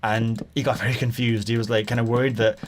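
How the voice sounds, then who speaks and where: A man's voice: medium pitch, flat delivery, fast talker, a little hiss or hum. A man chatting casually while he plays a game, rambling and muttering between stories. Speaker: gaming podcaster. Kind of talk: casual gaming commentary and storytelling.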